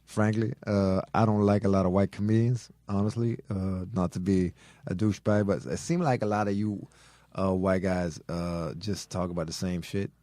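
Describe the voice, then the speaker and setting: Male podcast co-host, low-ish voice, blunt and laughing, dry close recording. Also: fairly even intonation, moderate pace, mellow, no echo. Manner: blunt, laughs while talking, says "yo, man". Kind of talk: casual chat.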